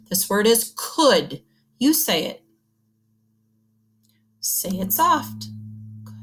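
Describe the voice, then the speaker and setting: A woman teaching young children to read, slowly sounding out words and praising them. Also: medium pitch, a little hiss or hum. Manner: slow, encouraging, sounding words out. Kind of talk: early reading lesson for young children.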